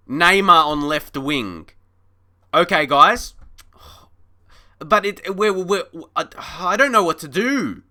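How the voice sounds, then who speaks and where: Casual live-stream commentary on a football management game comes from a man whose voice is fairly high, bright and forceful. Between laughs he chats with his viewers, playing up mock frustration.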